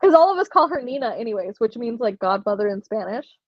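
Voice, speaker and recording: A woman's voice: on the high side, big pitch swings, fast, dry recording, muffled recording. A young woman hosting a casual livestream giveaway, chatting and laughing while reading comments from chat aloud. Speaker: livestream host running a giveaway.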